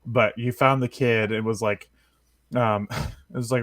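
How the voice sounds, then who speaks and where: A man's voice: medium pitch, steady tone, a little slow, a bit bright, no room sound, studio quality. A man chatting casually on a gaming podcast, reviewing a game with lots of fillers and chuckles. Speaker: podcast co-host.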